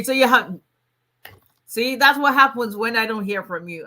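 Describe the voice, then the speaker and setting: Bright-voiced woman attorney chatting live. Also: a little high, expressive, moderate pace. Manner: chatty, laughs often, frequent restarts. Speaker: immigration attorney hosting a livestream. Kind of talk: casual livestream chat.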